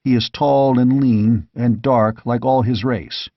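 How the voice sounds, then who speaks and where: A man voicing a bold barbarian warrior king who speaks bluntly and gruffly, with grim amusement, in an audiobook reading. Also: mid-range voice, steady tone, slow, no room sound. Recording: dull, dry lo-fi audiobook recording.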